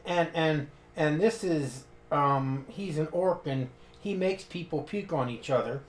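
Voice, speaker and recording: A player voicing an excitable young male cat-folk adventurer who rambles eagerly, in an echoey room. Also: medium pitch, unhurried, noisy background, natural voice. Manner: eager, rambling, tumbling speech.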